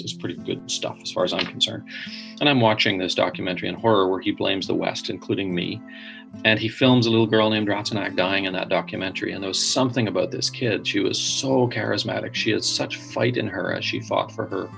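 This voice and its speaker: Gravelly man telling a story. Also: sits low. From Northern Ireland. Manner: animated storyteller, earnest, frequent restarts. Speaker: podcast guest. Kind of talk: storytelling interview.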